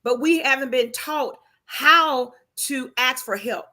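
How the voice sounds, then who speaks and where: High-pitched woman with a forceful edge; emphatic, faith-driven conversational speaker. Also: slow. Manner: emphatic, preachy, repeats rhetorical questions. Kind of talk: casual faith-based conversation.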